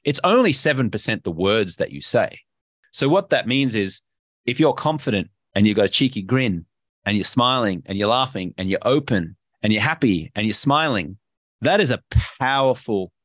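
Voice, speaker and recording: A man with an Australian accent, speaking as a guest in an energetic, emphatic and playful interview. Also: fairly low pitch, moderate pace, no room sound, clean studio sound. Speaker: podcast guest, health coach.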